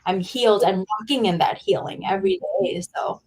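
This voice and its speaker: A woman's voice: medium pitch, a little fast, a little mellow. A woman guest on a podcast, speaking earnestly and encouragingly, often repeating her words as she talks. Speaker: guest social worker and author. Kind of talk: podcast interview.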